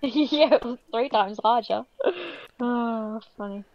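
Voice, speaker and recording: A woman's voice: fairly high pitch, slow pace, slight background noise. A woman co-hosting a stream, chatting casually and giggling often, on slightly dull lo-fi audio. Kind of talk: casual chat.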